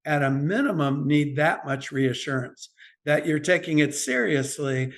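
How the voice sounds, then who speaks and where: Higher-voiced man asking questions. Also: lively intonation, a little slow. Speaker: podcast host. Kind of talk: interview questions.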